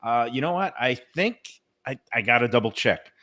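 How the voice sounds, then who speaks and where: A man's voice: medium pitch, expressive, moderate pace, pushed and bright, dry recording, clean studio sound. A man hosting a food radio show, chatting enthusiastically about restaurants and giving dining tips. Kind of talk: casual food talk and read ads.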